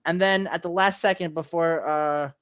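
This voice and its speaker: A man co-hosting a podcast, recapping a film in casual chat, excitable and rambling with lots of fillers and restarts. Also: a little high, moderate pace, clean tone. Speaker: podcast co-host.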